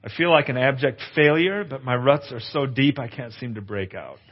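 Earnest pastor in an echoey hall. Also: male voice, mid-range voice, moderate pace, slightly rough. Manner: earnest, confessional, playful asides to the crowd. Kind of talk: testimonial sermon. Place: conference hall. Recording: echoey hall, slightly dull.

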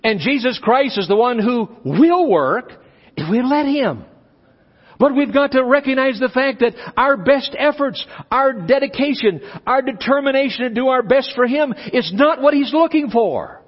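A male pastor preaching a sermon, animated, acting out little dialogues as he goes. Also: very high-pitched, moderate pace. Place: church conference hall. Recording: dull live recording in a reverberant hall.

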